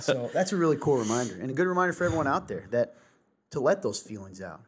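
A man's voice: medium pitch, expressive, quick pace, slightly rough. A man, a pastor, talking in a casual church podcast in an earnest, rambling way and laughing often.

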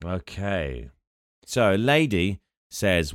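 A man with a somewhat low voice co-hosts a comedy podcast and reads passages aloud. His manner is amused and easygoing. The recording is dry and close. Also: animated, moderate pace, no echo. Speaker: podcast co-host. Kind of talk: comedic podcast banter, reading script aloud.

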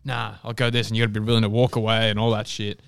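A man's voice: fairly low pitch, little pitch movement, racing, creaky, a bit bright, clean tone, dry recording, studio quality. An Australian man co-hosting a podcast, swearing and laughing often as he tells a story. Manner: laughs often, swears while telling stories. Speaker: podcast co-host. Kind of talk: casual chat.

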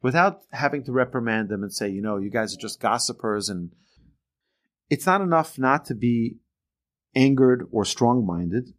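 Man, rabbi, informal lecture, animated, conversational. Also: medium pitch, normal speed. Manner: animated, conversational, acts out quotes. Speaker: rabbi teaching a class. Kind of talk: informal Torah class lecture.

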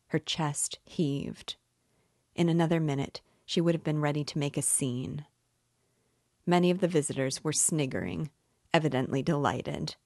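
Brief: a woman reading literature aloud at a steady pace, with a low voice and a dry, close recording. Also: no room sound. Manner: measured, even narration. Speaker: book club host.

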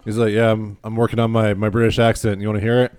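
A man's voice: lowish voice, flat delivery, fast, darkish tone, clean tone. Dry-humored man on a podcast. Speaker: podcast regular. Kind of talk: casual chat.

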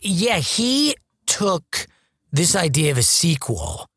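A podcast host chatting excitedly about a film. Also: medium pitch, takes it slowly, breathy edge, no echo, clean studio sound. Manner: excited, animated. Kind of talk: casual film chat.

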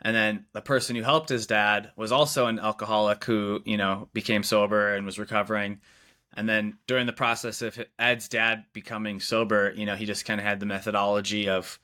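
A man's voice: lowish voice, little pitch movement, fairly quick, bright, forceful tone. A young man casually telling a story in a podcast chat, loose and filler-heavy, with lots of "like" and "you know". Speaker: videographer, podcast co-host.

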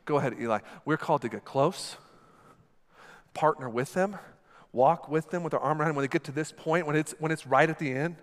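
A man preaching a sermon in a church, talking in an animated, conversational way while he acts out a scene with a volunteer on stage. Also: fairly high pitch, fairly quick. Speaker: pastor. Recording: long hall reverb with faint music.

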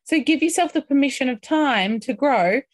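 A woman coaching a group on a call, upbeat and encouraging, talking through feelings and sometimes acting out excitement. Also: sits high, normal speed, dry recording. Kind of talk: motivational coaching talk.

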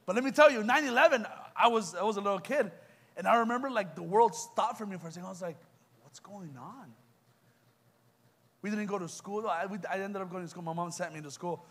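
A young adult man delivers a youth sermon in a strikingly high voice. He is fervent and urgent, constantly turning to the crowd with rhetorical questions. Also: fast talker, a bit bright. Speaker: youth preacher. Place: church youth event.

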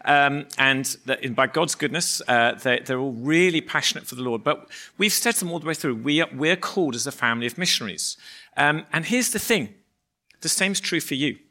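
Man, fifties, pastor, sermon, bright voice, slightly high pitch, storytelling. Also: animated, a little fast. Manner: conversational storytelling, warm humour.

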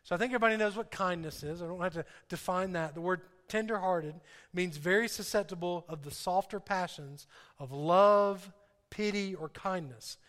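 In a reverberant hall, a male pastor delivers an emphatic sermon at normal speed, his high voice slightly bright. He keeps asking the congregation questions and returning to his main points.

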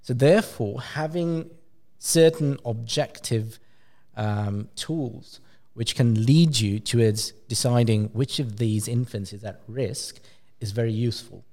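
A man, a pediatric clinician, explaining a research paper in a journal club discussion with lively emphasis and frequent fillers. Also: mid-range voice, takes it slowly.

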